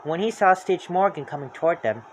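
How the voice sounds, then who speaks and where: A storybook reader narrating a children's book aloud in a lively, expressive way. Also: medium pitch, a little fast, slight background noise.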